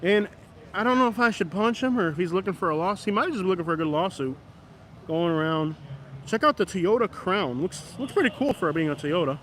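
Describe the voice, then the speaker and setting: A man's voice: high voice, lively intonation, brisk, a bit bright, slight background noise. A man, chatting casually and rambling to his viewers on a live stream from a downtown street at night, filmed on a camera stand.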